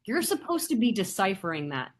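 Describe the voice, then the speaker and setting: Young woman, podcast co-host, casual chat, animated, swears freely. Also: medium pitch, fairly quick. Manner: animated, swearing, acts out quoted voices.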